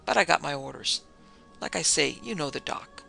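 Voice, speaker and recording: A man voicing an educated male gorilla who talks in gruff street slang in a storybook reading. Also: a little high, animated, normal speed, pushed and bright, faint music behind, exaggerated voice. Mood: wisecracking.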